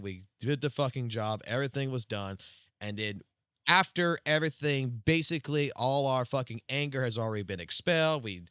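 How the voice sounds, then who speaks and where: Male streamer, casual rant with heavy cursing; tense, bright tone, close and dry. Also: mid-range voice, smooth, no room sound. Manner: heavy swearing, animated storytelling. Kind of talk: casual storytelling on a live stream.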